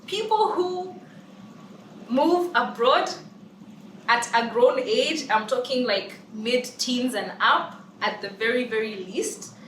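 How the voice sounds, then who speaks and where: A woman's voice: fairly high pitch, takes it slowly, fairly bright tone, a little hiss or hum. A young woman with a Kenyan accent, giving opinions in a casual vlog and hammering her points home by repeating them. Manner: emphatic, repeats phrases for emphasis. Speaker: vlogger. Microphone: camera's built-in mic, no external mic. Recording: roomy and distant from the mic.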